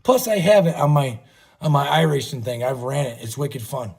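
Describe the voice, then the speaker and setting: A man's voice: medium pitch, moderate pace, creaky, darkish tone, husky. A man hosting a casual livestream, talking in a rambling, folksy way and swearing offhandedly. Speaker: livestream host.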